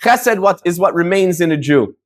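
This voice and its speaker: A man with a high voice gives a Torah lesson as a rabbi. He explains in an easy, talky way, often restarting his phrases and using Hebrew terms in Ashkenazi pronunciation. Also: lively intonation, moderate pace. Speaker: rabbi teaching a Torah class.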